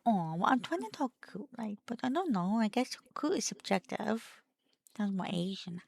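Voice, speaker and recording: A woman's voice: mid-range voice, sing-song, moderate pace, gravelly, a little mellow, dry recording. A woman co-hosting a gaming stream in casual chat, playful and giggly, trying out a cutesy baby-talk voice and swearing now and then. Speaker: streamer co-host.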